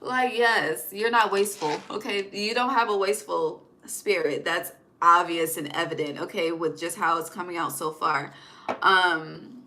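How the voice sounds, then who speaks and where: A woman's voice: on the low side, moderate pace, pushed and bright. A young woman giving a casual tarot reading, chatty and profane, often laughing and trailing off mid-thought. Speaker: tarot reader.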